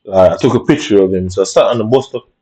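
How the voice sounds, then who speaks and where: A man's voice: on the low side, fast talker, mellow, low-quality recording. A man with telling an angry personal story, rambling and profane, full of tag questions. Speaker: vlogger.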